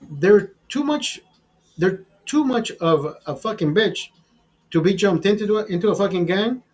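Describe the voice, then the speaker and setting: Man, live show host, high voice, husky, swearing a lot, lively rant. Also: measured pace. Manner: profane, animated, laughs at his own bits. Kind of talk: casual live-stream rant.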